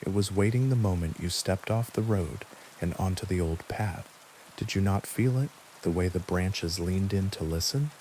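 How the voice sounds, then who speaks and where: A man voicing a friendly but sinister stranger in the woods, mild and smiling, with quiet menace in a spooky story. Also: low voice, normal speed, slight background noise, close to an everyday voice, rough recording. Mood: menacing.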